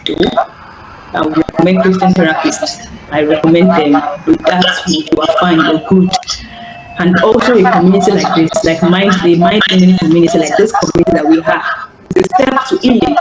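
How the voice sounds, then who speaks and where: A woman's voice: lowish voice, moderate pace, over a noisy crowd. A woman giving an earnest, repetitive live coaching talk over call audio. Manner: earnest, repeats phrases, stammers on restarts. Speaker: healing coach. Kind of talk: live online teaching talk. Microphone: online call audio. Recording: echoey, noisy call audio.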